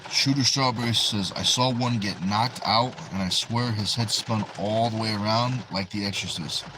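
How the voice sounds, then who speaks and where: A man's voice: fairly low pitch, noisy background. Laid-back New England man reading chat. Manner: easygoing, drawn-out reading of chat messages. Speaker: livestream host. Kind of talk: reading and answering live chat.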